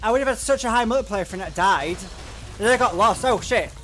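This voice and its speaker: A man hosting a let's play video, giving excitable commentary that swears often and talks to himself while he plays, wearing headphones at home. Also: high voice, fast talker. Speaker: gaming channel host. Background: game music.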